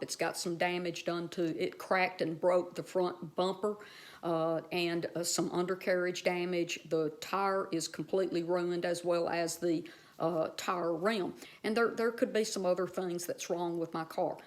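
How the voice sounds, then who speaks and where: Low-voiced woman telling a heartfelt story. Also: fairly even intonation, measured pace. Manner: heartfelt, rambling, addresses viewers directly. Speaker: vlogger. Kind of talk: casual personal storytelling.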